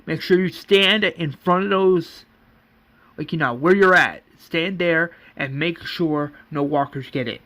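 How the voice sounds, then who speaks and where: A man's voice: fairly high pitch, measured pace, bright, forceful tone. A man voicing a commanding male town leader who gives curt, bossy orders.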